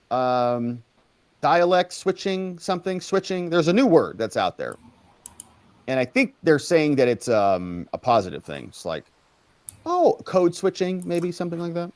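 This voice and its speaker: A man hosting a sarcastic political commentary show, his pitch swinging widely as he mocks and repeats lines. The sound is dry and close, with no room echo. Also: a little mellow. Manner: mocking, drawn-out sarcastic repetitions.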